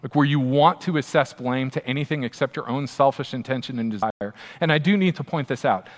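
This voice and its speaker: A man, a pastor, preaching a sermon in a conversational, emphatic way, often turning to the listeners with quick asides. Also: mid-range voice. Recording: long hall reverb.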